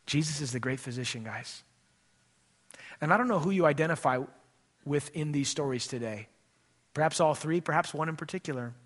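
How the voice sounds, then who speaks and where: A man preaching a sermon as pastor of a church, swinging between loud emphatic lines and soft low passages, then leading a prayer. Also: breathy edge.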